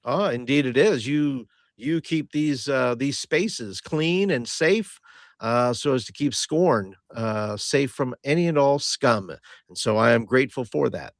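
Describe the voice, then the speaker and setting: A man voicing a courteous, hesitant halfling adventurer who talks haltingly with many fillers, in a tabletop game. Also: mid-range voice, animated, dry recording, studio quality. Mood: polite. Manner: halting, full of "uh" fillers, polite.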